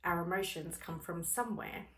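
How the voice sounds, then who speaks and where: Speaking at a moderate pace in a lowish voice, an adult mother who works with clients teaches about personal growth. She's expressive, bringing everyday scenes to life while she motivates listeners.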